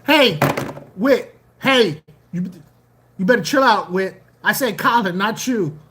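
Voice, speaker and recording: Livestream host, casual chat, bright tone, animated, playful, repeats lines. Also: mid-range voice, takes it slowly, a little hiss or hum. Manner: animated, joking, repeats phrases. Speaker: aquarium channel host.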